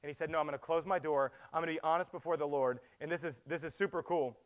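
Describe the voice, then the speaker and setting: A middle-aged male pastor preaching with a slightly raised voice. He surges into urgent, loud appeals, then drops to hushed, intimate near-whispers. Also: fairly high pitch, steady tone, fast. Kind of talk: sermon.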